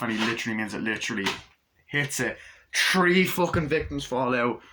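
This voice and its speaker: A man giving an excited, rambling movie recap with many fillers and swearing. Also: medium pitch, brisk, noisy background. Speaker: movie reviewer. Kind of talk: casual film recap.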